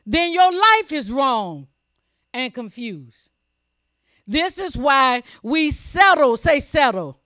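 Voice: sits high, bright, forceful tone, no room sound, clean studio sound. A preacher delivering a sermon with emphasis, repeating key phrases and asking the audience whether they are paying attention. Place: church service also streamed online.

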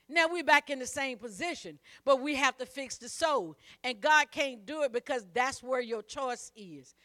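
A woman's voice: fairly high pitch, fairly bright tone. A woman preacher delivering a sermon, emphatic and repetitive, calling on the congregation to repeat after her. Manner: emphatic, repeats phrases, calls on the congregation to respond.

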